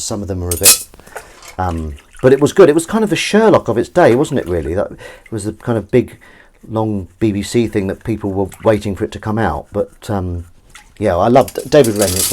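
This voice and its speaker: A man with a lowish voice rambles cheerfully through a comedy livestream, mocking himself and answering viewers. His delivery swings up and down a lot. Faint clatter of plates and running water sits behind him at a kitchen sink. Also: a little mellow, a little hiss or hum. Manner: rambling, self-mocking, reads out viewer comments. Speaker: comedian hosting a washing-up livestream. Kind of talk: casual chatty livestream banter. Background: clinking dishes and running water.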